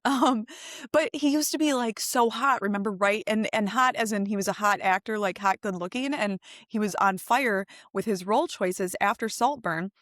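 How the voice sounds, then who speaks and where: A woman's voice: medium pitch, a bit bright, no echo, clean studio sound. A young woman co-hosting a podcast in casual chat, talkative and laughing often as she gossips. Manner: chatty, laughing, quick to gossip. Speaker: podcast co-host.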